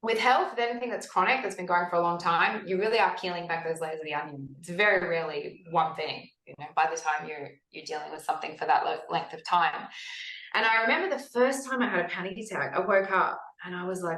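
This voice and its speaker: Woman, forties, low-ish voice, health practitioner guest, animated storyteller, echoey room. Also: moderate pace. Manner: animated storytelling, acts out her own past thoughts. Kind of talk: conversational interview.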